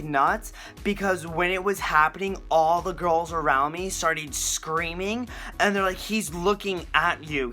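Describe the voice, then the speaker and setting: A young man telling an excited storytime in a casual vlog, gushing and retelling in quick bursts. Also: on the high side. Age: young adult. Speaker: vlogger.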